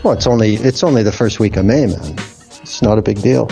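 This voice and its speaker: A man's voice: lowish voice, a little fast, vocal fry, warm tone, soft background music. Blunt man co-hosting radio. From Canada. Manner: blunt, sardonic, swears freely. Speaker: radio co-host. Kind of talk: casual radio chat.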